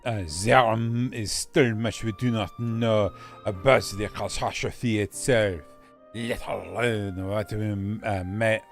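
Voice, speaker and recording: Slow, halting young man reading aloud. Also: on the low side, fairly even intonation, faint music behind. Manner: halting reads with fillers and slips. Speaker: co-player. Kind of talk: casual gaming banter and dialogue reading.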